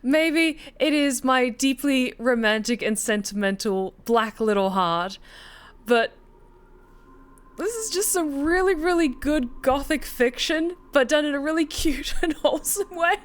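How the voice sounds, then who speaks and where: A woman streamer gives casual commentary on a game in a high voice. She gushes, swears freely and laughs often between remarks. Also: animated, unhurried.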